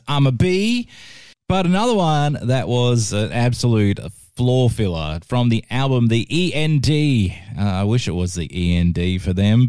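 A man's voice: clear, resonant tone, no room sound, clean studio sound. A man hosting a music show, chatting casually and cracking jokes between songs. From Australia. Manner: chatty and jokey, with lively swings in pitch. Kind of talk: casual radio-style music chat.

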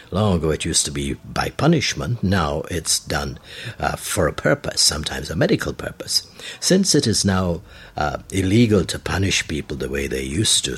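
A man hosting a radio program on word meanings, talking slowly and deliberately and spelling words out letter by letter. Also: sits low, creaky, slightly rough. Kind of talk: explanatory radio talk.

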